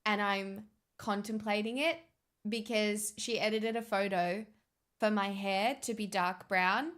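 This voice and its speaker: A woman's voice: medium pitch, fairly even intonation, a little slow, a bit bright. A young woman streaming, chatting casually with her viewers in a sarcastic, bantering way. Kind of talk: casual livestream chat.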